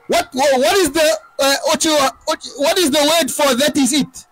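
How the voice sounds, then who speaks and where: A man giving excited live football commentary, breaking into shouts at chances and goals. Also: very high-pitched, normal speed, music in the background, low-quality recording.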